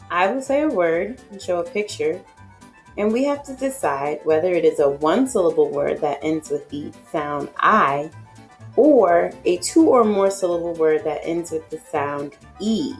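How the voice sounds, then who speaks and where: A woman teaching a phonics lesson to children, enunciating slowly and repeating words for them to echo. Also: on the low side. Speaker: literacy teacher.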